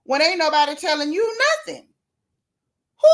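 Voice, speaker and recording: A woman giving sassy, animated commentary on reality TV to her viewers. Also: sits high, moderate pace. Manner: sassy, animated, talks straight at the people she mocks. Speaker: gossip vlogger.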